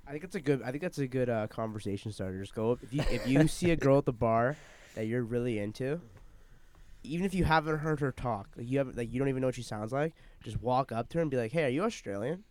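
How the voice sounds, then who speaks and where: A man's voice: medium pitch, fast, a little mellow, no echo. A young man co-hosting a podcast, laid-back and joking in casual chat. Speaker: podcast co-host.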